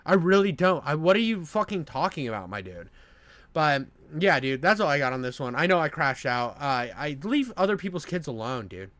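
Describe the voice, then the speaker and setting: A man with a notably high voice rants through heated reaction commentary, swearing constantly and restarting his sentences as he goes. His voice sounds dry and close, with no room around it. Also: very animated, normal speed, a bit bright, no echo. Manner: profane, ranting, frequent restarts. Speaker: drama commentator.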